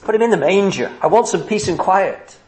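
A man playing an irritable householder who complains and pleads for peace and quiet. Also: sits high, animated, brisk, voice pushed up. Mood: exasperated. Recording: roomy echo.

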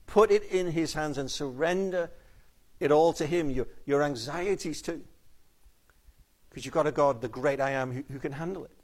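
Preacher, male, fairly high-pitched, earnest pleading sermon delivery with quiet emphatic drops. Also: moderate pace. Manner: earnest, pleading, drops to soft intensity on key phrases.

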